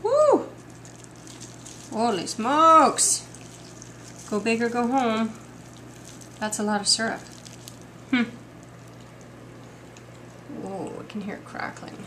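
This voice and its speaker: A woman's voice: fairly high pitch, steady tone, a little slow, pauses often, a little hiss or hum. A woman hosting a casual home cooking video, chatty and enthusiastic as she works in her kitchen.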